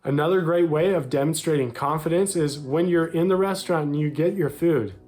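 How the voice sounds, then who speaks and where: A young American man talks straight to the viewer as a dating coach, upbeat and direct, acting out short quoted lines as he goes. His voice sits a little high. Faint music plays underneath. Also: fairly quick, a little mellow. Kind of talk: direct-to-camera advice talk.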